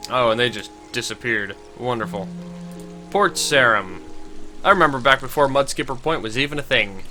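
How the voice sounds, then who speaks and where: A man's voice: medium pitch, lively intonation, a little fast, pushed and bright, faint music behind. A young man with a stuffy cold, giving dry, sarcastic commentary while playing a computer game. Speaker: gaming channel host.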